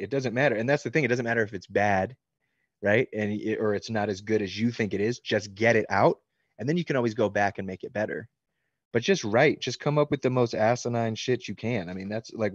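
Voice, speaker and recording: A man's voice: lowish voice, no echo. Male author, 30s, casual rambling interview talk; dry, slightly muffled recording. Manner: loose and rambling, many likes and ums, laughs easily. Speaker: author answering fan questions.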